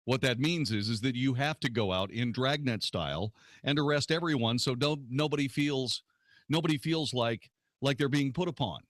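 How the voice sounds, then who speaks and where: Behind a studio microphone, a talk radio host speaks bluntly and cuttingly, with sarcasm in his tone. His voice sits at an ordinary middle pitch, moderately paced and a bit bright, and the sound is close and dry with no room sound at all.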